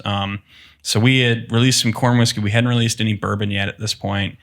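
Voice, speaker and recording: A man's voice: lowish voice, a little fast. A man, a distillery co-owner, telling a story casually in a podcast interview and acting out the reactions of the people in it. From Texas. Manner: animated, acts out quoted reactions.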